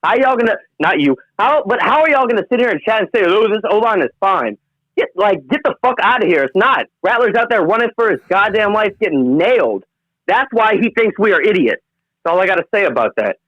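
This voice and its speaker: A man's voice: high voice, sing-song, fast talker, dry recording. A man calling a sports show by phone, ranting in a heated, profane, insistent way. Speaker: caller. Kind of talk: angry sports call-in rant. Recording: muffled phone line.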